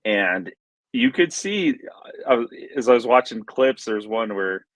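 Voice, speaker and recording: Halting, reminiscing man with a low voice. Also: animated, a bit bright, dry recording, rough recording. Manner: halting, many restarts, reminiscing. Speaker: podcast co-host. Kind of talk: casual sports chat.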